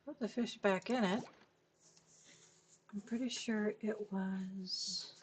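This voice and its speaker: A woman streaming a cozy game late at night, murmuring slowly to herself as she plays. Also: mid-range voice, fairly even intonation, a little hiss or hum. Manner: slow, murmured talk to herself. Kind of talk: casual gameplay commentary. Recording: faint background music.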